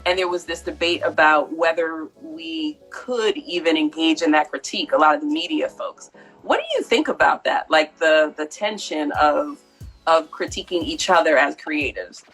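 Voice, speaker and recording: A woman's voice: deep voice, very animated, moderate pace, a bit bright, breathy edge, faint music behind, low-quality recording. A woman interviewing a guest and asking him probing questions in an earnest way.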